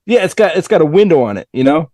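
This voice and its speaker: A man's voice: a little high, big pitch swings, fast, dark tone, dry recording, studio quality. A man hosting a podcast, telling a story animatedly and acting out quotes. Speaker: podcast host. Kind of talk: casual storytelling.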